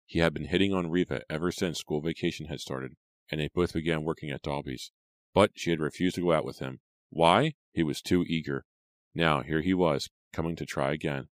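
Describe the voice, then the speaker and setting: A man narrating an audiobook in a measured, even storytelling manner. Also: very deep voice, no echo, studio quality. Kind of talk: scripted narration.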